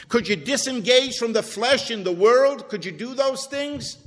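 A man preaching a sermon as pastor, swinging between emphatic peaks and low, quiet drops. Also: long reverb tail. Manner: preachy, rising to emphatic then dropping low. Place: church sanctuary.

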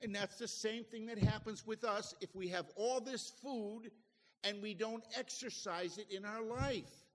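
Pastor, male, higher pitch, homely chatty preaching, recorded in a church with a long echo. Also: a little slow, a bit bright. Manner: folksy, conversational preaching with homely asides. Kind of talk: sermon.

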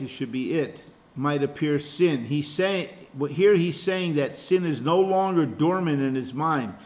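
A man pastor leading an informal Bible study class. He talks conversationally and explains verse by verse, restarting his sentences often. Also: a little high.

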